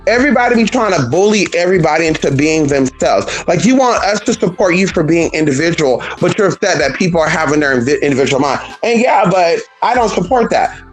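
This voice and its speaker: A woman's voice: on the low side, lively intonation, fast talker, hardly any pauses, soft background music, poor audio. A woman giving a sassy, blunt and profane vlog monologue, calling listeners honey and girl and talking back to imagined critics. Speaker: vlogger. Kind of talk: casual opinionated monologue.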